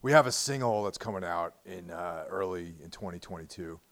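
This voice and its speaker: A musician talking in a laid-back, casual way, with lots of fillers and swearing. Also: male voice, sits low, brisk, a bit bright, no echo. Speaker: band musician guest. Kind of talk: casual chat.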